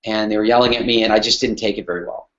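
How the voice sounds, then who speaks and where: A man's voice: fairly low pitch, steady tone, very fast, a bit bright, dull audio, lightly acted. A man quoting a hesitant, upset female staff member in his story.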